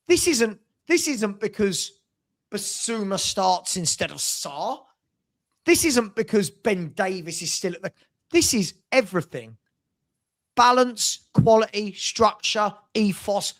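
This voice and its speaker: Ranting football fan host. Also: male voice, sits high, fairly bright tone. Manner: ranting, exasperated. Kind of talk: casual football fan chat.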